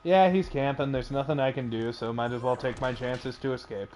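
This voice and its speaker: A man's voice: mid-range voice, fairly even intonation, fairly quick, darkish tone, slight background noise. Profane joking male streamer. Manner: joking, swears freely. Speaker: streamer host. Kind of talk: casual game-stream chat.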